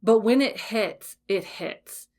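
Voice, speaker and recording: Frank, animated woman podcast host. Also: medium pitch, slow. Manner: frank, swears freely, keeps checking in with "okay?". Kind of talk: casual solo podcast talk.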